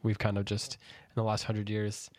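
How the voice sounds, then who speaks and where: A man's voice: fairly low pitch, completely flat delivery, moderate pace, no echo. A man co-hosting a casual book-discussion podcast, steering the conversation with a conversational tone. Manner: steers the talk, conversational, brief interjections. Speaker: podcast co-host leading the episode.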